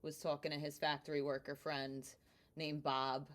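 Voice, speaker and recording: A woman whose was Italian, a guest telling stories in casual chat. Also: sits low. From Brooklyn, New York. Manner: animated storyteller, quick asides.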